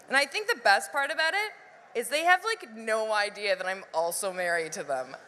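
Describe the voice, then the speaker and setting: A stand-up comedian performs live at a comedy venue, her high, bright voice leaping all over at normal speed. She's animated, acts out other voices and laughs often. The sound carries a long hall reverb and a little hiss or hum.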